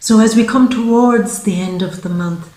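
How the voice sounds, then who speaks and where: A woman's voice: mid-range voice, warm tone, echoey room, poor audio. A woman giving a monthly tarot reading, speaking in a heartfelt, spiritual way. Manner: slow, heartfelt, spiritual talk. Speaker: tarot reader.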